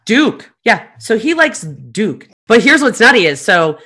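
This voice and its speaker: A woman in her fifties hosting a podcast, telling stories in a lively, profane, joking way. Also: mid-range voice, a little slow, very noisy. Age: 50s. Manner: animated, profane, laughing storyteller. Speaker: podcast host. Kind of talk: casual storytelling chat.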